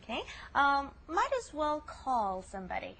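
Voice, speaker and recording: A woman's voice: high-pitched, sing-song, moderate pace, vocal fry, fairly bright tone. A woman co-hosting a casual language lesson podcast, chatty and laughing as she explains patiently. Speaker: language teacher co-host.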